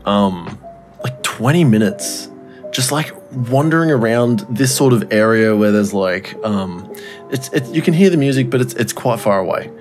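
A podcast co-host with a lowish, darkish voice and lively intonation tells a long, rambling story at a moderate pace during casual chat. He swears a lot and acts out what people said, with soft music in the background.

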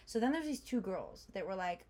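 Young woman, casual podcast co-host, chatty, lively storytelling, lots of "like", mid pitch. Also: normal speed. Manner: chatty storyteller, animated with many fillers. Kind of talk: casual chat.

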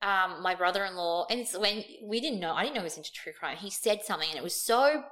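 A woman's voice: lowish voice, quick pace, fairly bright tone, poor audio. A woman co-hosting a podcast in casual chat, talking frankly and rambling with restarts and the odd swear word. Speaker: podcast co-host.

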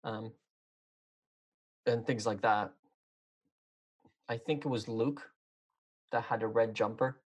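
Man, casual chat, rambling, hesitant, lots of fillers, mid-pitched. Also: fairly even intonation, slow, pauses often, slightly rough.

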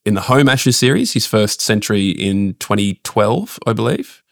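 A man talks through cricket selections in an opinionated, ranting way. His voice sits fairly low, and it is recorded dry and close with almost no room sound. He sounds like a casual podcast co-host. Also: brisk, gravelly, no room sound.

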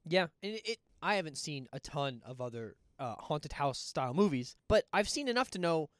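A man's voice: on the high side, fairly quick, no echo. A young man co-hosting a horror movie podcast, chatting casually and swearing freely. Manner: animated, swearing, easily spooked, laughing. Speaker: podcast co-host. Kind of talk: casual movie review chat.

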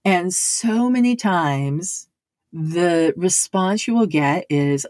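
A woman voice actor tells stories casually to camera, animatedly acting out other people's quoted lines. Her voice is fairly low and slow, recorded in a clean studio with no room sound.

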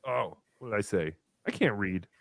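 A man in his thirties hosting a livestream, reading donations and joking around in a casual, animated way. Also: lowish voice, normal speed, vocal fry, no echo. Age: 30s. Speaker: livestream host.

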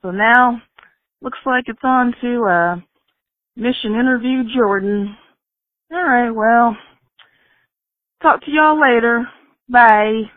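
A woman from Missouri leaving a relaxed, friendly voicemail. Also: fairly high pitch, slow, long pauses, dry recording, narrow, tinny audio. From Missouri, USA. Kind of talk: casual voicemail message. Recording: dry phone voicemail line.

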